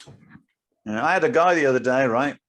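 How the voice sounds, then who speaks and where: A man's voice: mid-range voice, normal speed. A man, a podcast co-host and driving instructor, telling an anecdote in casual chat and acting out his own lines. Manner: animated storyteller, acts out his own lines.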